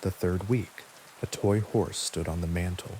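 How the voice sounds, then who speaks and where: A man calmly narrating a first-person horror story in a measured, quiet way. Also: deep voice, slight background noise, poor audio. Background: steady rain.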